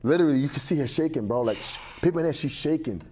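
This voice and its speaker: A man's voice: a little high, rapid-fire, slight background noise. A man as a podcast guest, telling a story in casual chat and acting out the voices of the people in it. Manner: animated, acts out quoted voices.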